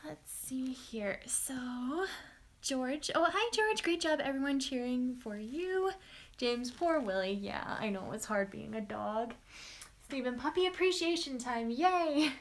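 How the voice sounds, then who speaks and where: A young woman hosting a writing-sprint livestream, chatting casually and excitedly with viewers and talking to her dog. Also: sits high, takes it slowly. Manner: bubbly and chatty, coos softly to her dog.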